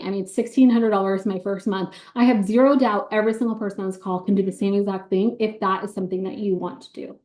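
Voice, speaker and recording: A woman giving an excited, bubbly sales pitch on a video call, talking fast with many ums. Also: roomy sound.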